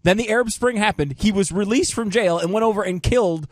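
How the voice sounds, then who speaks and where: A man's voice: high voice, brisk, no room sound, clean studio sound. A male radio co-host who teases the host and reads news items aloud. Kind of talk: political talk radio. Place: radio studio.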